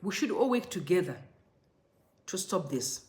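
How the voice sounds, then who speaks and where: A woman's voice: on the low side, very animated, a little slow, a little mellow. A woman from Zimbabwe, hosting impassioned political commentary and speaking directly to her viewers with emphatic repetition.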